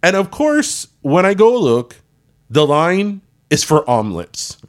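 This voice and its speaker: A man co-hosting a casual podcast chat, animated and laughing often, slipping into Spanish phrases. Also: a little high, slow pace. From Miami. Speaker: podcast co-host.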